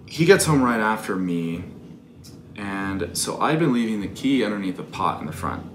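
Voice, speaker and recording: Casual profane storyteller, man in his 20s, deep voice, roomy noisy recording. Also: sing-song, moderate pace. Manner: profane, candid, self-critical. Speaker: vlogger telling a story. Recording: echoey room with background noise.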